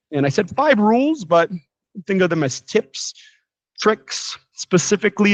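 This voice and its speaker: Man, American accent, English teacher, casual asides, fairly high voice, dry close sound. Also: dry recording, poor audio. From United States. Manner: relaxed, chatty explaining with frequent asides. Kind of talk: live English lesson. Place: living in Brazil, teaching from a quiet room.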